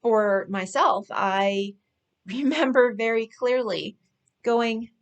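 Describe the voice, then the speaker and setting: A woman speaking as a spiritual speaker, telling personal stories in an earnest, unhurried way with soft laughs. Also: on the high side, lo-fi sound. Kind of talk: personal storytelling monologue.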